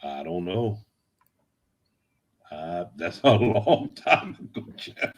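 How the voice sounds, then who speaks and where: A man's voice: deep voice, takes it slowly. Laid-back man telling stories. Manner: laid-back drawl, animated storyteller who acts out quotes. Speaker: guest. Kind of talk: casual storytelling chat.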